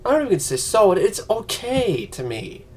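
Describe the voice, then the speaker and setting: A man vlogging an angry, profane movie rant, yelling and mocking other people's voices. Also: sits high, very animated, normal speed, breathy edge.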